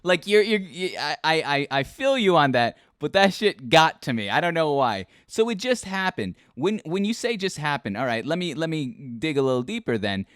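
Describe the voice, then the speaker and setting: A man hosting a laid-back interview podcast, his pitch swinging widely as he talks in quick animated bursts and doubles back on his words. The sound is close and dry, with no room around it. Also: no room sound. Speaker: podcast host. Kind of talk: casual interview chat.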